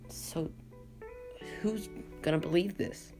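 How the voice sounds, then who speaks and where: A man's voice: mid-range voice, moderate pace, gravelly. A man giving casual comedic commentary, sarcastic and incredulous, laughing at his own jokes. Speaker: YouTuber reading and mocking Reddit posts. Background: guitar music.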